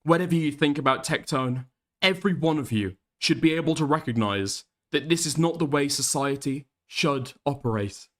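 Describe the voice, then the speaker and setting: A man's voice: on the high side, normal speed, fairly bright tone. A man hosting a livestream, arguing bluntly and profanely with a caller. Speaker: streamer host. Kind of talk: heated livestream commentary.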